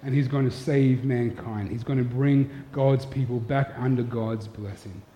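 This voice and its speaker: A man's voice: mid-range voice, fairly even intonation, unhurried, dark tone. A man preaching a sermon, earnest and storytelling, putting direct questions to his listeners. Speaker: pastor. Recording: echoey hall, dull lo-fi sound.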